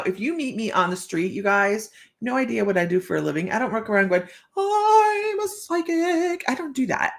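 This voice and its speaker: Chatty woman with a gravelly voice. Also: medium pitch. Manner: laughs often, acts out quoted voices. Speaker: psychic livestream host. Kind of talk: casual chatty livestream storytelling.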